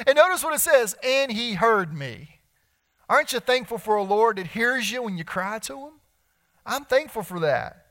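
A man's voice: very high-pitched, very animated, moderate pace, fairly bright tone. A young man preaching a sermon as pastor, pleading and building in intensity. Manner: preaching with rising intensity and repeated pleas.

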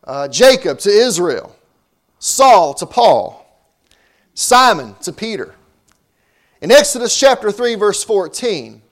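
A man preaching a sermon as pastor, with emphatic rising and falling delivery. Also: high voice.

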